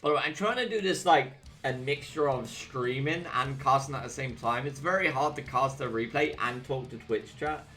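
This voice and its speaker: Bright-voiced English man casting a game. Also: medium pitch, moderate pace, hardly any pauses, soft background music. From England. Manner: chatty, banter-heavy, slangy. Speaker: game caster and streamer. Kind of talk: casual replay commentary.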